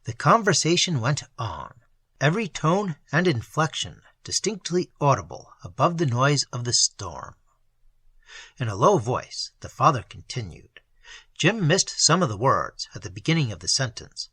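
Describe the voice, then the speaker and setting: A man narrating a ghost story with an expressive, dramatic reading. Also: medium pitch, normal speed, husky, dry recording. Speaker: audiobook narrator.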